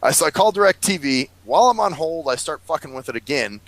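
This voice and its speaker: Gravelly, swearing male storyteller. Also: on the high side, sing-song, fairly quick, no echo, low-quality recording. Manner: rambling storyteller, swears a lot, laughs often. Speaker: podcast co-host. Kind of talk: casual chat.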